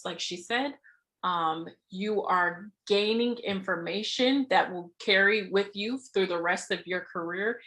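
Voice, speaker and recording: A woman's voice: mid-range voice, fairly bright tone. A woman hosting a podcast interview, talking expressively in a casual chat, laughing often and swearing freely. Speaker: podcast host.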